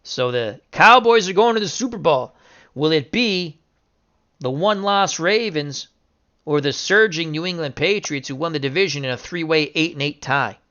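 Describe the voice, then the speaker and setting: A man giving casual play-by-play commentary on simulated football games, excitable and bursting into shouts over big upsets. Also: fairly high pitch, normal speed, dull audio. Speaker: video game sim commentator.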